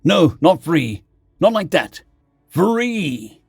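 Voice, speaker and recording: A friendly, blunt soldier, played by a man, talks in an easygoing, slangy way. The delivery is animated and moves freely in pitch, and the sound is close and dry for an audiobook story. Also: moderate pace, no echo. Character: laid-back human soldier, friendly and blunt.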